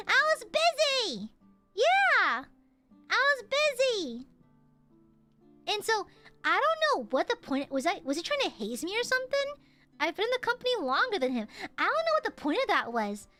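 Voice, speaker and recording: A young woman streaming and chatting with her audience, telling workplace stories with animated energy and plenty of swearing. Her voice sits high and swoops widely in pitch. Faint music plays behind her. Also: fast. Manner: animated, swears often, lively storytelling. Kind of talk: casual chat with viewers.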